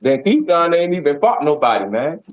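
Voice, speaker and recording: A man's voice: a little high, big pitch swings, moderate pace, phone-quality sound. A man joining a casual boxing chat, laid-back and slangy, laughing often. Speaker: co-host guest.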